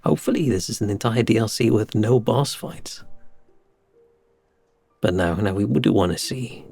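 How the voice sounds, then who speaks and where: A low-pitched man streaming from home talks unhurriedly to his viewers, his voice gravelly with a husky edge. He rambles, sighs and pokes fun at himself in a soft, slightly mumbled way, close on a desk mic with faint music underneath. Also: lively intonation, normal speed, no echo. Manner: rambling, sighing, self-deprecating. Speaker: game streamer. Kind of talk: casual live-stream chat before gameplay. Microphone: desk microphone with compressor and equalizer.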